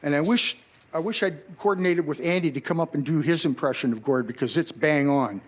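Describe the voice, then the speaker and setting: Man telling a story on stage, lively. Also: on the high side, a little fast. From Canada. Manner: animated, acts out quoted voices. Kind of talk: storytelling to a live audience.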